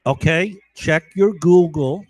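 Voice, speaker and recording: A man's voice: a little high, takes it slowly, darkish tone, no echo, low-quality recording. A man at home talking into a microphone in a rambling, agitated live monologue, swearing and repeatedly checking in with "right?" and "okay?". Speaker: livestreamer. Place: at home, indoors.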